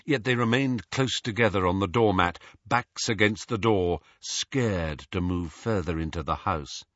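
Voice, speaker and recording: A man narrating a storybook in a measured, expressive way. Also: low-pitched, no room sound, highs cut off. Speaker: audiobook narrator.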